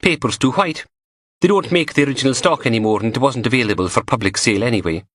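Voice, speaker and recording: A male narrator voicing a punky young female forensic technician who teases in a dry, deadpan way. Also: mid-range voice, fast talker, pitched above the performer's own voice. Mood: teasing.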